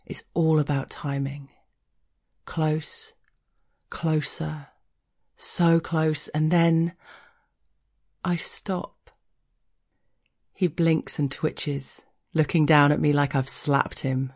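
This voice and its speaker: A woman narrating an erotic audio story in a deliberate, teasing way, sometimes dropping to a whisper. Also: low-pitched, level tone.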